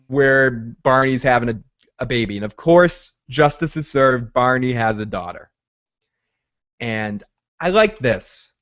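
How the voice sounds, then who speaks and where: A man hosting a podcast, rambling excitably through a casual recap of a TV episode, with frequent restarts. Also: a little high, dull audio. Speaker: podcast host.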